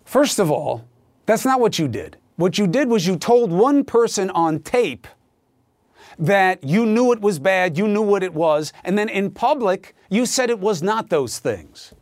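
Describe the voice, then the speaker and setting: Heated, high-voiced male news host. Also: big pitch swings, a little slow, darkish tone, no echo, studio quality. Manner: heated, sarcastic, emphatic. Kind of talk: opinion monologue.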